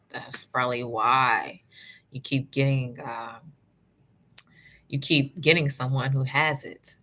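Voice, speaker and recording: Woman hair vlogger, low pitch, bright forceful tone, chatty live-stream advice with friendly asides. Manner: warm, chatty, answers live chat by name, calls viewers sis and love; encouraging, advice-giving. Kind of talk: casual livestream chat.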